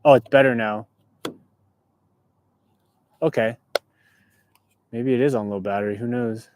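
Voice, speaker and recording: A man's voice: mid-range voice, unhurried, darkish tone, a little hiss or hum. A young man from California chatting casually on a livestream from inside his car, reading viewer comments aloud in a laid-back way. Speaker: livestream host. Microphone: clip-on mic.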